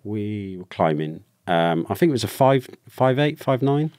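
Candid British man, low voice, dry sound. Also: animated, darkish tone, no echo. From United Kingdom. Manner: open, emotional, halting with restarts. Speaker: guest, ex-soldier. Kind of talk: candid personal storytelling.

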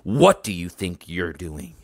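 A man voicing a menacing male kidnapper in a read-aloud storybook, taunting in slow, sneering lines. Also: on the low side, big pitch swings, a bit bright, husky, dry recording, clean studio sound, heavily acted.

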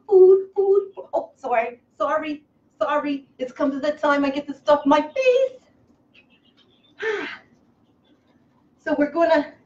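A woman hosting a comic live cooking show from a kitchen, over-the-top excitable, breaking into squeals and gushing. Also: sits high. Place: home kitchen. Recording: echoey kitchen, slightly dull, faint hiss.

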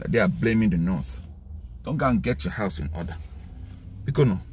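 A man with a Nigerian accent speaking in an impassioned monologue, emphatic and given to indignant outbursts, his voice worn and hoarse. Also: lowish voice, lively intonation, brisk, darkish tone, slight background noise. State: losing his voice. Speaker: commentator.

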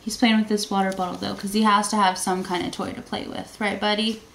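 A tired young mother chatting casually in a home vlog, soft-spoken, with lots of fillers and little laughs. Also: medium pitch, little pitch movement, fairly quick, gravelly. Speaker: family vlogger, mother. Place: bedroom at home. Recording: roomy room, faint noise.

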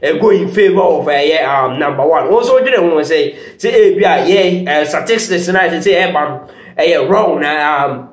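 A man giving casual political commentary, mixing Twi and English in an animated way. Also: on the high side, normal speed. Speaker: news commentator. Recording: roomy echo.

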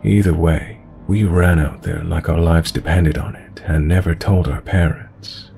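Male horror narrator with a low, gravelly voice and a calm, measured read. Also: soft background music. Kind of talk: scripted horror story narration.

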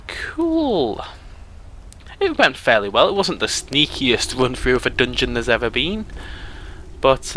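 A British man casually commentating his gameplay, rambling and joking at his own expense. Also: mid-range voice. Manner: rambling, self-mocking, easily excited. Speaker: let's play host.

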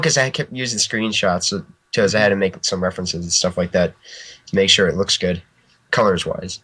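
A man's voice: deep voice, brisk, fairly bright tone, husky, low-quality recording. A man chatting casually as a guest artist, rambling and restarting his sentences and laughing often. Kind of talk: casual chat.

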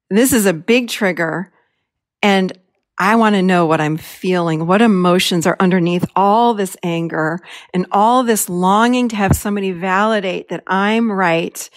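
A woman's voice: mid-range voice, no room sound, clean studio sound. A middle-aged woman hosting a podcast, telling a personal story as a lesson and acting out her own past lines with animation. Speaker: podcast host and therapist.

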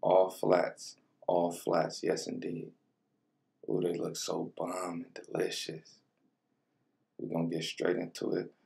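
A man's voice: sits low, completely flat delivery, slow pace, vocal fry, pauses often, dark tone, distant mic. A young man casually chatting through a food vlog, talking in laid-back slang between bites. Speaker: mukbang vlogger. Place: home room with colored lighting.

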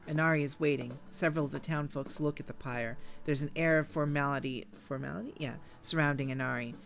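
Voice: mid-range voice, fairly even intonation, a little fast, creaky, a bit bright, soft background music. A game player reading a visual novel's narration aloud, breaking into casual, giggly asides. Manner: casual, giggly asides between read lines.

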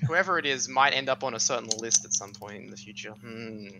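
A man commentating a speedrun race over voice chat, bantering quickly and laughing often. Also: medium pitch, loud music behind the voice, rough recording. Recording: steady hum under the voice chat.

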